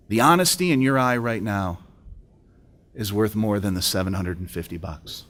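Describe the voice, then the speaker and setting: A man's voice: on the low side, normal speed, a bit bright. A middle-aged man giving an emotional personal testimony at a breakfast event, telling a story and acting out the dialogue. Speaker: speaker at a business breakfast. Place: event hall.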